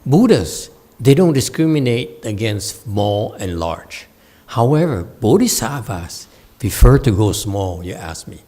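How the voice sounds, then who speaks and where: A man giving a Buddhist Dharma lecture, halting with fillers, often checking that listeners follow and teasing them now and then. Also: lowish voice, big pitch swings, warm tone. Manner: slow, halting with many fillers, asks listeners to confirm; playful teasing asides to the audience. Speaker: Buddhist teacher. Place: meditation center hall.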